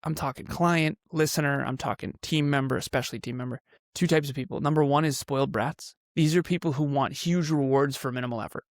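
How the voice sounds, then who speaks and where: A company CEO, guesting on a podcast, speaks in a brisk, slightly high male voice. He's passionate and intense, pushing his points with mounting force and laughing now and then.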